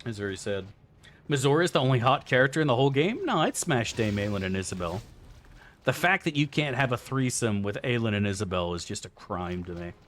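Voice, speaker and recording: A man's voice: medium pitch, expressive, fairly quick, a bit bright. A young man streaming a game live, casually and profanely bantering with his chat as he plays. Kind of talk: live gameplay commentary reading chat.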